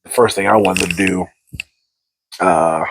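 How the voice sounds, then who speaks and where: Very low, gravelly man. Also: steady tone, unhurried, background noise. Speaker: podcast guest, former Marine. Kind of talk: casual chat.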